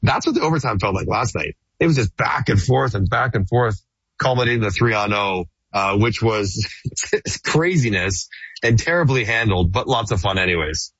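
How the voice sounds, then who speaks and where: Middle-aged male hockey broadcaster, husky low voice, dry lo-fi line, chatty and rambling. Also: moderate pace, no room sound. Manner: animated, laughs easily, rambling restarts. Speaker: hockey play-by-play broadcaster guest. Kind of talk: casual sports radio chat.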